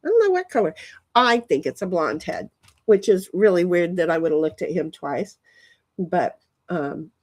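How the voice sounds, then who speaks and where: A woman vlogging outdoors on a phone, chatting in a meandering way with many restarts and sudden excited leaps in her voice. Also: medium pitch. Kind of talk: rambling casual monologue. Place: outdoors in a yard.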